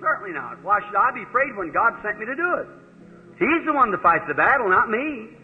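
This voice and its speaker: A man's voice: sits high, expressive, brisk, slight background noise. A man preaching a sermon, telling a folksy story with quoted dialogue. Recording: old hall recording, phone-like narrow sound.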